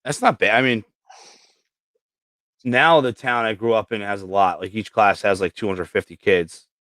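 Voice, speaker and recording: A man's voice: fairly low pitch, normal speed, dry recording. A man from New York hosting a livestream, chatting casually and telling jokey, profane stories with lots of animation. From New York, USA. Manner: joking, profane, animated storytelling. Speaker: livestream host, reptile breeder. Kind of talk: casual chat.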